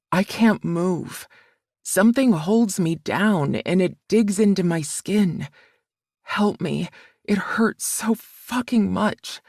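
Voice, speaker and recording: A woman narrating a romance audiobook in the first person, with a soft, measured, emotional reading. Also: medium pitch, no echo, clean studio sound.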